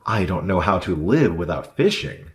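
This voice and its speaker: A man voicing a deep-voiced arrogant husband. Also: very animated, moderate pace. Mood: scornful. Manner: dismissive and condescending, later whiny. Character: selfish husband, adult man, arrogant and blaming. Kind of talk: narrated drama story dialogue.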